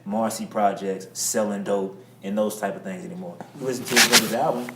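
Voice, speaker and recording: A man's voice: fairly low pitch, steady tone, fairly quick, echoey room, heavy background noise. A man on a discussion panel who works with young people in a juvenile detention center, speaking emphatically and often asking "you know what I'm saying".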